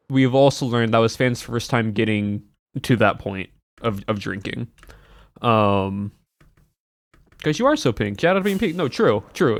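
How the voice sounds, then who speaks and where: A man's voice: mid-range voice, no room sound. A man streaming and chatting casually to his viewers, rambling with many restarts and chuckles.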